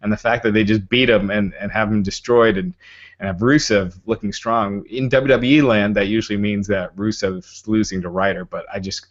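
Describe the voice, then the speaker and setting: Laid-back low-voiced male co-host. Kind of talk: casual podcast chat. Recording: dull lo-fi podcast audio.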